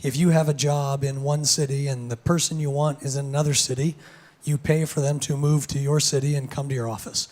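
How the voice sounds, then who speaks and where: A man with a hoarse, gravelly voice giving a casual keynote talk on a conference stage, with many fillers and restarts. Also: mid-range voice, level tone, brisk, a little mellow. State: hoarse, lost voice. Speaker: conference speaker.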